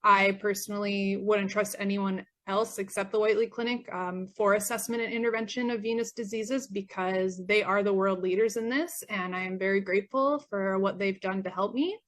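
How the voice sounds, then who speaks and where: A woman's voice: mid-range voice, fairly even intonation, normal speed, few pauses. A young woman from Canada sharing a personal patient testimonial, earnest and grateful, with frequent fillers, her voice getting worn. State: losing her voice. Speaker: former patient.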